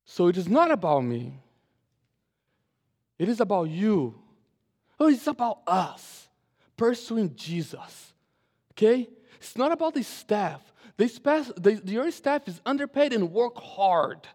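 A male pastor preaching a sermon and telling a story, animated, often restarting and repeating his phrases. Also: high voice, takes it slowly, in a large hall. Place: church sanctuary.

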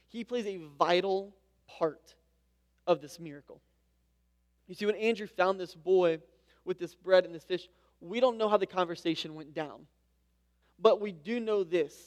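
A man preaching a sermon as pastor, reading scripture and talking in a relaxed, conversational way with casual asides. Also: high-pitched. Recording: long hall reverb.

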